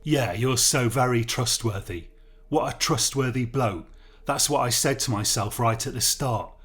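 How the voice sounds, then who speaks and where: A man's voice: mid-range voice, measured pace, fairly bright tone, close to an everyday voice. A man voicing a mocking, distrustful male prisoner who talks in a sarcastic, taunting, slangy way in a story reading.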